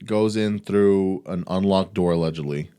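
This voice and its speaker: Low smooth-voiced man, casual podcast talk. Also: moderate pace, mellow. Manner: conversational, builds points with rhetorical questions. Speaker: podcast co-host.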